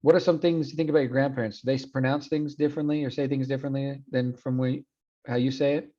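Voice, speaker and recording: A man's voice: mid-range voice, fairly even intonation, fast talker, dark tone, dull audio. A man in his thirties teaching a university class, switching between Spanish and English with frequent restarts. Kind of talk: classroom lecture.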